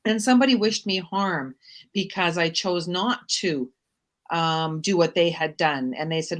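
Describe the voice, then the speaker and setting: A woman's voice: lowish voice, a little slow. A woman hosting a casual chat show, talking in an upbeat, motivational way. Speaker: host.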